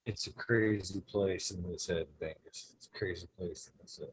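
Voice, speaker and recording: A man's voice: sits low, fairly even intonation, normal speed, breathy edge, no room sound, low-quality recording. A man hosting a casual podcast, mischievous and rambling through joke ideas. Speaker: podcast host. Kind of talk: casual chat.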